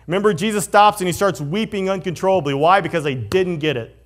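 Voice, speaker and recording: A man's voice: sits high, quick pace. Man preaching a conversational sermon. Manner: conversational preaching, swinging from excited to hushed and solemn. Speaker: pastor.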